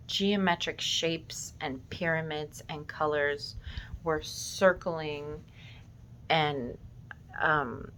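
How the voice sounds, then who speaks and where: Woman, low voice, slow emotional storytelling, faint background ambience. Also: a bit bright, a little hiss or hum. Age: 30s. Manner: slow, reflective, emotional, swears casually. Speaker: vlogger. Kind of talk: personal storytelling.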